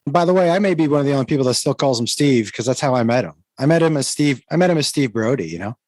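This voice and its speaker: Man, mid pitch, lively storytelling, acts out old exchanges, dry studio sound. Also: fast, no room sound. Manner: lively anecdote-teller, acts out dialogue. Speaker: interviewee, comedian friend. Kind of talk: anecdotal storytelling.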